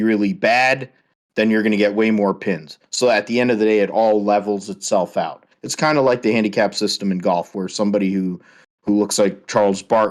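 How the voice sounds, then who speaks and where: A man hosting a podcast, ranting heatedly with a lot of swearing in casual chat. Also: on the low side. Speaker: podcast host.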